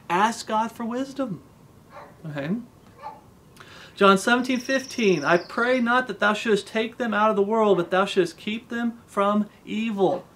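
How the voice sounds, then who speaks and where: A man with a notably high voice preaches a relaxed devotional sermon. He talks earnestly and plainly, reciting scripture in old-fashioned wording and pausing to ask his listeners "okay?". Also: a little hiss or hum. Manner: earnest, conversational, often checks in with "okay?"; recites King James scripture aloud.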